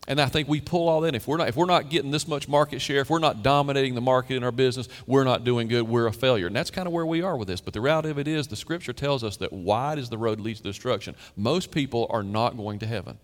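A man's voice: mid-range voice, animated, fast talker. Man preaching in a reverberant hall. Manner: conversational preaching with sudden emphatic rises and quiet drops. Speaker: pastor. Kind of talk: sermon. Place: church sanctuary. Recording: long church hall reverb.

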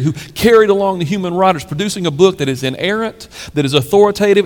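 A man's voice: a little high, darkish tone, big-room sound. A man preaching a sermon as pastor, building to emphatic peaks and asking rhetorical questions of the congregation.

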